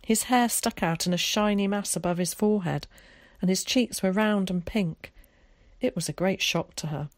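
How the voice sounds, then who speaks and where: A woman narrating an audiobook in a calm, measured way. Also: medium pitch, no room sound, clean studio sound.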